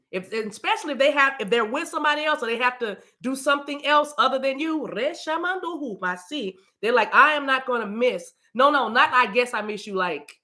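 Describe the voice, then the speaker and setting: A woman's voice: on the high side, bright, forceful tone. A middle-aged woman hosting a live tarot reading. She chats casually and with animation, often laughing and talking straight to her viewers. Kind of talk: casual livestream chat.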